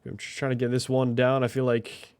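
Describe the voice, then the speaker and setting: A man's voice: mid-range voice, monotone, a little fast, darkish tone, clean tone, dry recording. A man hosting a game tournament stream, chatting casually and thinking aloud with lots of fillers. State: out of breath. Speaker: tournament host. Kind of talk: casual livestream commentary.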